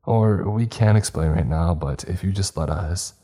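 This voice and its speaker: A man's voice: deep voice, normal speed, mellow. A man voicing a nervous, flustered young woman housemate in a horror story. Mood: pleading. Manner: nervous, pleading.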